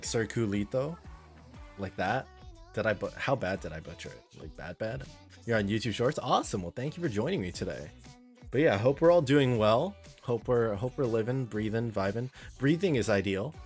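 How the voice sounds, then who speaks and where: A man's voice: lowish voice, lively intonation, fairly quick, faint music behind. A man streaming a game live, chatting casually with viewers in a rambling, friendly way and reading chat aloud.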